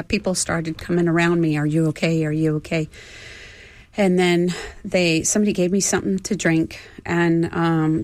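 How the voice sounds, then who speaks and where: A woman's voice: lowish voice, no room sound. Earnest woman in her fifties. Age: 50s. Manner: earnest, emotional, halting restarts. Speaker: astronaut crew trainer, guest. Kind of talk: reflective interview storytelling.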